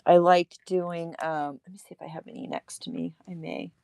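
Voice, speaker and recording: A woman's voice: deep voice, very animated, fast, vocal fry, no room sound. A woman hosting a casual livestream craft demo at her table, chatty and laughing at herself.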